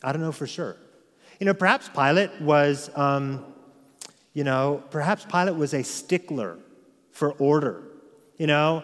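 Pastor, male, higher-pitched voice, emphatic expository preaching, with a long hall reverb behind his voice. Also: measured pace, pauses often. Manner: emphatic, rhetorical questions. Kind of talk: expository sermon.

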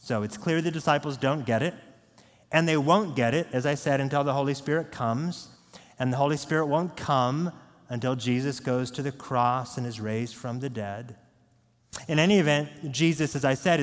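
Male pastor, fairly high voice, earnest sermon, hall reverb. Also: normal speed. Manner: earnest, swings from hushed to raised. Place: church sanctuary. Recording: long echo of a large church hall.

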